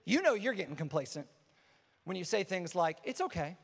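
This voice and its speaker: A man preaching a sermon as pastor, energetic and casual, repeating phrases for emphasis. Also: high voice, brisk, vocal fry, in a large hall.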